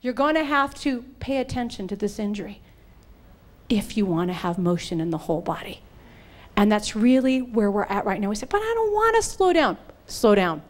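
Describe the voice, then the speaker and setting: A woman's voice: mid-range voice, normal speed. A middle-aged woman preaching, telling stories with humor and acting out the voices in quotes. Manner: animated, acts out voices in quotes. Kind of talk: humorous sermon storytelling.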